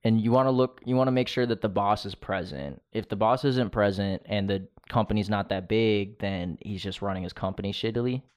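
A man's voice: on the low side, fairly even intonation, brisk, few pauses. A man co-hosting a podcast in casual banter, joking around, swearing freely and laughing often. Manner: jokey, profane, laughs often. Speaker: podcast co-host.

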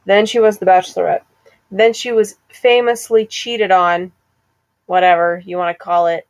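A chatty young woman co-hosting a casual podcast. She talks in an easy, gossipy way at a middle pitch and laughs often. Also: fairly even intonation, normal speed. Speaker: podcast co-host. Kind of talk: casual chat.

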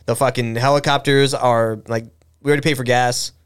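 A young man with a smooth, clear voice tells a history story to his co-host in an offhand, rambling way. He fills it with ums, restarts and casual swearing, and the delivery stays conversational. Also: mid-range voice, fairly even intonation, brisk. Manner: recounts history loosely, with filler words, restarts and profanity. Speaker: podcast co-host.

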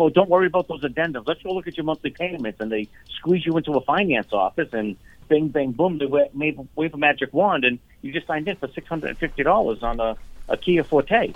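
A man's voice: on the high side, expressive, fairly quick, no echo. Man over a dry, tinny phone line. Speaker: car dealership owner, guest. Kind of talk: casual interview.

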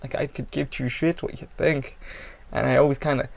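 A man in a middle voice range, gravelly with a rough fry at the ends of phrases. He hosts a personal podcast and talks bluntly and profanely, circling back and restarting his sentences as he goes. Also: mid-range voice, fairly even intonation, brisk, darkish tone. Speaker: podcast host. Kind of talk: candid personal podcast monologue.

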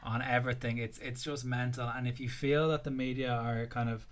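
A man's voice: mid-range voice, little pitch movement, a little fast. An Irish man hosting a fitness podcast, talking bluntly and casually, with the odd swear. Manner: blunt and sweary, level delivery. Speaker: podcast host.

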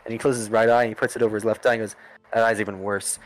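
A man's voice: mid-range voice, level tone, racing, no room sound, rough recording. A man narrating a tabletop game as game master, casual and rambling with lots of fillers.

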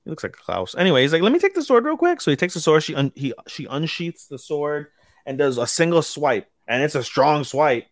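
A man's voice: on the high side, a little fast, dry recording, clean studio sound. A man co-hosting a podcast in casual chat, rambling and swearing as he recaps an episode and hunts for names. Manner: rambling, profane, loses names mid-sentence. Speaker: podcast co-host.

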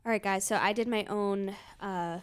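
A woman's voice: medium pitch, steady tone, normal speed, clean tone. A young woman co-hosting a casual podcast, reading stories aloud and sharing her opinions in a chatty way. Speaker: podcast co-host.

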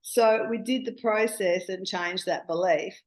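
A woman, a coach telling client stories in a chatty, animated interview. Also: mid-range voice, a little slow, rough recording. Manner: chatty, animated storyteller with frequent "you know". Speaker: intimacy coach guest. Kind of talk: casual storytelling interview.

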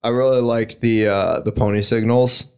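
A man co-hosting a casual podcast, swearing and telling stories with animated, laughing energy. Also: mid-range voice, clear, resonant tone. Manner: profane, animated storytelling, quick to laugh. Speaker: podcast co-host. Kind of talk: casual chat.

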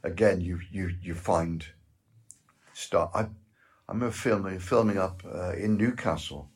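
A very low, husky man's voice with a West Country accent. He spins anecdotes in a rambling, halting way and keeps repeating his words as he talks with his interviewer. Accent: West Country English. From West Country of England. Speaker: actor guest.

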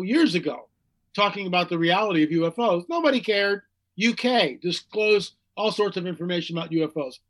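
A man's voice: high voice, fairly bright tone. A man from the United States, speaking as a guest in an interview with emphatic repetition and mocking quoted voices. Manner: emphatic, repeats phrases for effect. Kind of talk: animated interview talk.

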